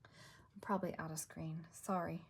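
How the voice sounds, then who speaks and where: A woman sits at her craft table and chats casually, thinking aloud as she works. She drops to a murmur now and then, a little winded, in a middle-pitched voice. There is a faint hiss of noise behind her. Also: animated, unhurried. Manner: chatty, thinking aloud, murmuring to herself while stamping. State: a bit winded. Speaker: craft video creator.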